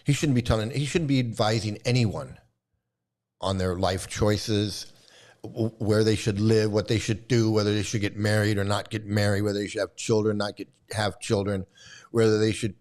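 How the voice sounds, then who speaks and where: A man's voice: fairly low pitch, fairly even intonation, moderate pace, a little mellow. A man hosting a commentary video, ranting heatedly, swearing and repeating himself as he gets worked up. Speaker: commentary host. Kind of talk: angry commentary rant.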